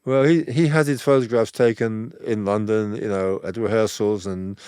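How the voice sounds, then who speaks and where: An older man, a photographer guesting on an interview, telling stories in a relaxed, rambling way and acting out the dialogue he quotes. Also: on the low side, moderate pace, clean tone, no room sound, clean studio sound. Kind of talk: relaxed anecdotal storytelling.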